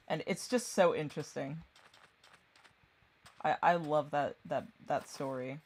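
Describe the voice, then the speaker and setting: Chatty creator rambling through a movie retelling, lots of uh and you know, cusses, laughs, does the characters' lines, mid-pitched voice. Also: a little slow, long pauses, slight background noise. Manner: chatty and loose, with frequent fillers, swearing and laughter. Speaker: channel creator. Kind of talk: casual rambling retelling of a book and film.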